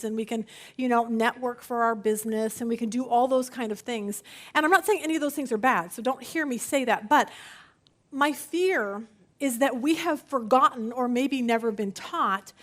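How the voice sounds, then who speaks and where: Leading a women's Bible study, a middle-aged woman comes across as earnest and energetic, repeating words often and trading jokes with the group. Her voice is high-pitched.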